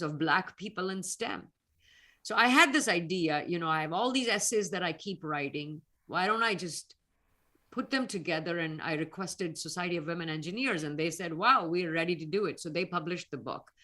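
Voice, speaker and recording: Indian lady talking earnestly, bright clear voice, middle-aged. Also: on the low side. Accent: Indian English. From North India. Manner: earnest, gets emotional. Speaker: guest speaker, alumna scientist. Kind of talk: interview answers, reflective talk.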